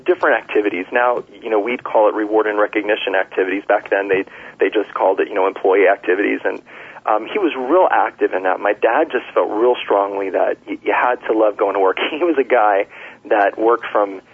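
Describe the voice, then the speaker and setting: A middle-aged man talks in a relaxed, storytelling way, full of fillers and restarts. His voice is husky and sits a little low. The sound comes through a thin, tinny phone line. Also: a little fast. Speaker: nurse, author. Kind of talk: casual interview talk.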